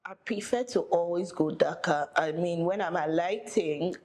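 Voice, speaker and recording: In a casual get-ready-with-me video, a young makeup artist vlogger chats and thinks aloud as she applies her makeup. Her voice is fairly low and a little mellow at a moderate pace, and the recording is rough.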